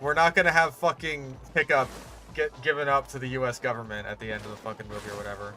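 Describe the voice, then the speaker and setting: A man's voice: mid-range voice, fairly even intonation, fast, pushed and bright, soft background music. A man doing casual, ranting commentary as a gaming YouTuber while he builds a park, sarcastic and profane.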